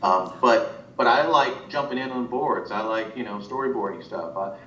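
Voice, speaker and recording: A man's voice: normal speed, fairly bright tone, far from the mic. Rambling male animation director, roomy sound. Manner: rambling, many restarts and fillers. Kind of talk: casual interview talk. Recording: roomy, muffled sound from off-mic with faint rumble.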